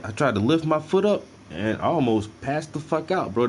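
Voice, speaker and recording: A man telling a story in casual, profane slang while he paints, his delivery animated and loose. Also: medium pitch, moderate pace, a little hiss or hum. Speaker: painting stream host.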